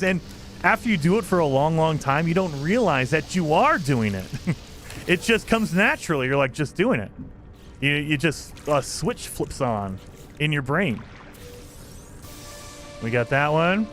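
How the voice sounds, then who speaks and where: A man's voice: sits high, very animated, moderate pace, a bit bright, faint music behind. A man streaming a game live, chatting with his viewers and laughing often as he plays. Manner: chatty, laughs often, talks to chat while playing. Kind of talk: casual live-stream chat.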